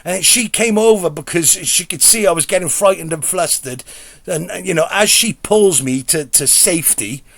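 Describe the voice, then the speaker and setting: A man's voice: sits high, normal speed, gravelly, a bit bright, no room sound. A middle-aged man tells a comic story in a rambling, stammering, sweary, self-mocking way. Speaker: comedy vlogger.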